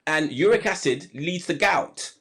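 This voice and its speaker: A man's voice: on the high side, expressive, measured pace, fairly bright tone, husky. A man hosting a live health podcast over a video call, talking enthusiastically and often restarting his sentences. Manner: enthusiastic, many restarts and fillers. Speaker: podcast host.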